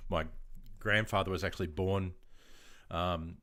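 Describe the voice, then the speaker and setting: An Australian man streaming live, chatting casually in a relaxed, rambling way with frequent ums and chuckles. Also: sits low, measured pace, dry recording, clean studio sound.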